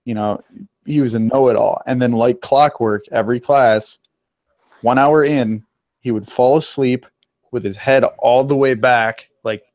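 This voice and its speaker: A man's voice: medium pitch, steady tone, unhurried, a little mellow, no room sound. A young man in casual chat, joking wryly about college classmates and swearing casually. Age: young adult.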